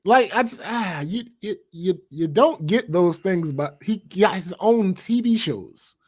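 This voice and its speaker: A man's voice: high voice, expressive, a little slow, darkish tone, breathy edge. A man co-hosting a podcast in casual chat, blunt and profane, often laughing. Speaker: podcast co-host.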